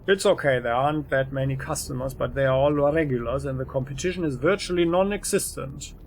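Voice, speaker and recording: A man's voice: mid-range voice, a little fast, darkish tone, a little hiss or hum, lightly acted. A man reading as a chatty male fishmonger. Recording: faint game music behind.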